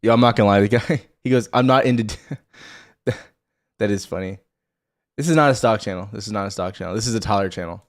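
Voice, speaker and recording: A man's voice: fairly low pitch, fast. A man hosting a live market commentary stream in a loose, unscripted way. He rambles, swears freely, and speaks straight to his viewers in a blunt, chatty tone. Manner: rambling, blunt and profane, addresses viewers directly. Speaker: stock trading livestream host.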